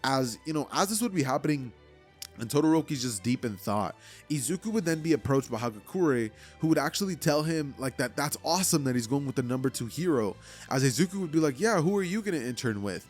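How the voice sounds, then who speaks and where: A man's voice: mid-range voice, lively intonation, a little fast, faint music behind. A man casually telling a fan-made story, rambling and filling with "like" and "you know".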